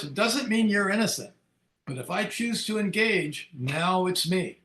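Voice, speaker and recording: A man's voice: high-pitched, expressive, unhurried, fairly bright tone, echoey room. An older man giving a candid recovery talk at a Big Book study, telling stories and acting out the dialogue in them. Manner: candid storytelling, acts out quoted dialogue.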